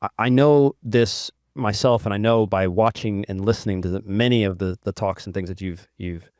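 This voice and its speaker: A man hosting a podcast interview, asking long questions haltingly, with many restarts as he searches for his words. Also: lowish voice, a little mellow, no echo, clean studio sound. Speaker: podcast host.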